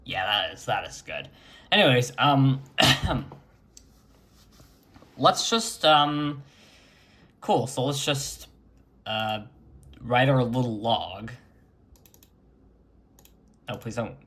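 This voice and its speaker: A man's voice: mid-range voice, expressive, pushed and bright. A man chatting casually as he records his screen and talks through an old computer setup. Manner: unhurried, chatty, mutters while clicking. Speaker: retro computing vlogger.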